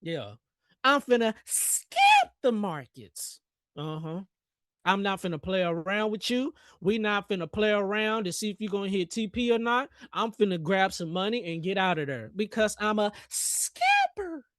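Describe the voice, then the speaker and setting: Young male streamer, high-ish voice, slangy and playful, live trade-by-trade commentary. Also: sing-song, normal speed, fairly bright tone, no echo, studio quality. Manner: playful, hyped, joking with chat, slangy. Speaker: trading livestream host.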